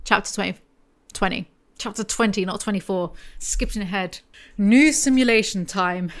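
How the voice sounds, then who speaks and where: A woman's voice: medium pitch, normal speed. A woman sarcastically picking apart a novel as she hosts her commentary video. She reads passages aloud and trips over words now and then. Her asides are dry and mocking. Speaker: book commentary vlogger.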